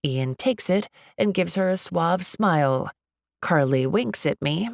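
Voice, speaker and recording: Female narrator for a first-person romance audiobook, low and gravelly, close dry studio sound, expressive and chatty. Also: dry recording. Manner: expressive, chatty, lively inner monologue.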